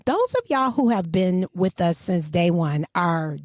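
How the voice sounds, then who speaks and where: A woman, co-hosting a podcast in casual chat and telling stories with swooping pitch. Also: unhurried, no echo. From Michigan. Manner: animated storyteller, swooping pitch. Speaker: podcast co-host.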